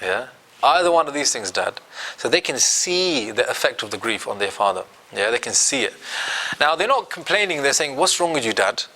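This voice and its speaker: A man's voice: medium pitch, big pitch swings, normal speed, bright, forceful tone. A man teaching a Quran commentary class, quizzing his students and acting out quotes.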